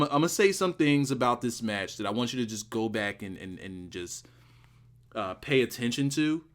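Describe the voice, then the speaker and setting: Man, average pitch, casual video review, excitable, rambling, repeats himself for emphasis. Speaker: wrestling show reviewer.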